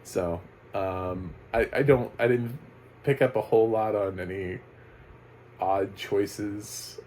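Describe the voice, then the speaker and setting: A man with a fairly low voice chats through a casual video review of a film. He rambles, restarts his sentences and chuckles between his thoughts. Faint noise sits under the recording. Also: takes it slowly, darkish tone, rough recording. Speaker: movie reviewer.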